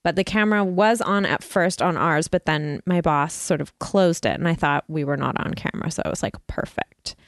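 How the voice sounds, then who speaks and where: A woman's voice: low-pitched, brisk, few pauses, dry recording, studio quality. A woman hosting a podcast, telling a story in a chatty, self-mocking way and laughing often. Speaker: podcast host. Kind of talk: casual chat.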